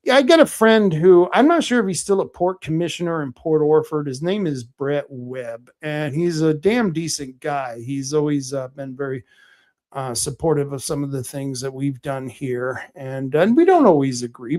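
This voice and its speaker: A man's voice: animated, normal speed. A man hosting a live-streamed podcast, ranting angrily and swearing, reading out chat comments as he goes. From Oregon, United States. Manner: angry ranting, swearing, rising loud and high when worked up. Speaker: podcast host.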